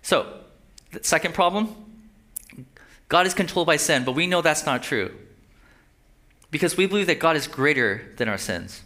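A man's voice: a little high, expressive, normal speed, pauses often, sharp tone. A man preaching a sermon, reading scripture aloud with rising emphasis and often asking his listeners "right?". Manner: asks the audience "right?" and "Amen?". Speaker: pastor.

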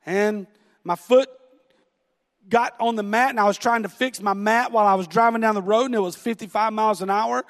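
High-voiced Southern pastor in a reverberant hall. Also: male voice, fairly even intonation, a little fast, a bit bright. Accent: Southern American. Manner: storytelling, laughs at himself, acts out dialogue. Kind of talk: sermon with a personal story. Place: church sanctuary.

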